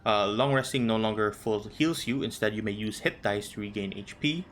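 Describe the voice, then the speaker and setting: A man running a tabletop game as game master, describing scenes in a relaxed, unhurried way with many ums over an online call. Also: lowish voice, a little hiss or hum.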